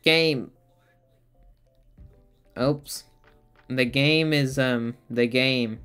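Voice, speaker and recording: Slow-talking giggly man streaming a game. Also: mid-range voice, fairly even intonation, a bit bright, clear, resonant tone, faint music behind. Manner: rambling, giggly, chatting to viewers. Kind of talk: casual live-stream chat while playing.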